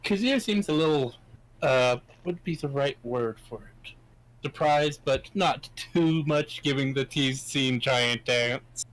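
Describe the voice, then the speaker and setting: Male player, halting, thinks out loud, mid-range voice. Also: medium pitch, rough recording. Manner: hesitant, thinking aloud. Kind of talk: tabletop game chat over voice call.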